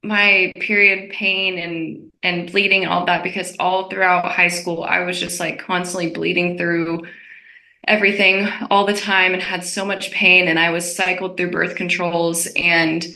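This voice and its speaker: A woman in her twenties hosting a podcast, sharing her own story in casual chat and quick to react with sympathy. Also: on the low side, little pitch movement, sharp tone. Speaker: podcast host. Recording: echoey room.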